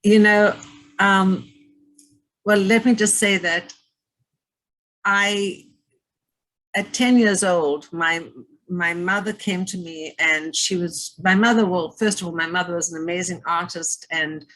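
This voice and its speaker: A woman's voice: on the low side, steady tone, slow, pauses often, a bit bright, low-quality recording. A woman from South Africa, a guest speaker, thanking her hosts graciously and telling the story of her childhood, over a video call. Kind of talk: storytelling in a presentation.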